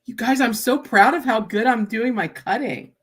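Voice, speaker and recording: A woman's voice: fairly high pitch, normal speed, fairly bright tone, husky. A woman chatting on a live stream while she cuts paper crafts, blunt and joking, often laughing and tagging her sentences with "right?".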